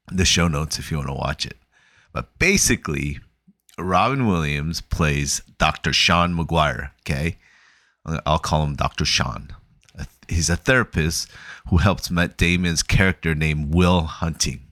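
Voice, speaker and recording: A man's voice: a bass voice, a bit bright, no room sound, studio quality. A man talking casually on his own podcast, telling a story with conversational asides and short chuckles. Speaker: podcast host. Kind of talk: casual solo podcast monologue.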